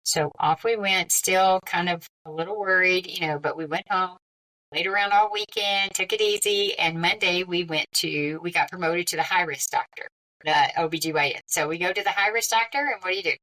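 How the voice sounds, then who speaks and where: A middle-aged woman, a podcast guest, telling a personal story in a lively, conversational way. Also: fairly low pitch, a little fast, distant mic, low-quality recording. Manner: lively, conversational, with frequent quoted dialogue.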